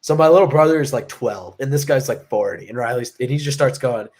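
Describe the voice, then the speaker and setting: A man's voice: mid-range voice, brisk, hardly any pauses, a little mellow. A young man co-hosting a casual show and telling a long story to a live chat. His talk is rambling and profane, full of fillers and restarts. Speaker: podcast co-host.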